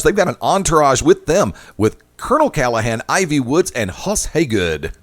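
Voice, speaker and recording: A man's voice: on the high side, sing-song, brisk, few pauses. A man hosting a sports radio show in a jokey way, reading event details like promo copy. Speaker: radio host.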